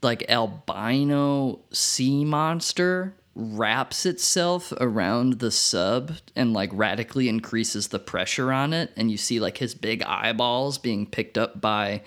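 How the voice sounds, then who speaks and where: A man co-hosting a podcast, talking relaxed and chatty about a film's creature effects. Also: mid-range voice, slow, hardly any pauses. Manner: relaxed, chatty, filler-heavy. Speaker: podcast co-host. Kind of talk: casual film discussion.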